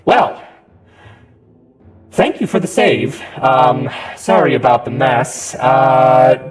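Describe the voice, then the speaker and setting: A man's voice: a little high, voice pushed up, heavily acted. A man voicing an awkward, chatty undead male wizard who rambles and apologizes sheepishly. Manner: rambling, sheepish, nervous laughs.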